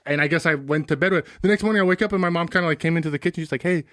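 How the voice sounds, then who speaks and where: A young man co-hosting a podcast, telling a story in a casual, animated way, with lots of fillers and frequent laughs. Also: fairly high pitch, rapid-fire, no echo, clean studio sound. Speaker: podcast co-host.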